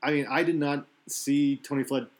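Casual talk-show man, middling pitch, loose and rambling, lots of restarts. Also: fairly even intonation, normal speed. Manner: rambling, self-correcting analysis. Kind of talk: casual wrestling chat.

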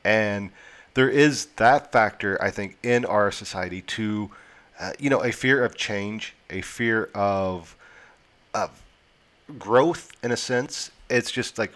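A man's voice: lowish voice, takes it slowly, fairly bright tone. A man in his forties co-hosting a casual discussion, thinking aloud and restarting his sentences. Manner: thoughtful, rambling with restarts. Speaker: podcast co-host.

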